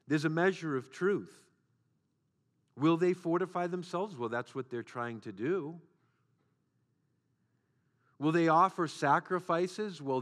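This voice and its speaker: A man's voice: a little high, fairly bright tone. A man preaching a sermon as a pastor, with repeated phrases and rhetorical questions. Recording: long hall reverb.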